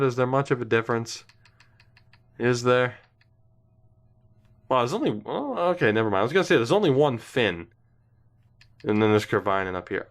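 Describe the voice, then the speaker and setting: A young man in casual gameplay commentary, talking to himself as he weighs choices. He sounds indecisive and mutters, with the odd swear. His voice sits at an ordinary mid pitch. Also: a bit bright, clean tone. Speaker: gaming YouTuber.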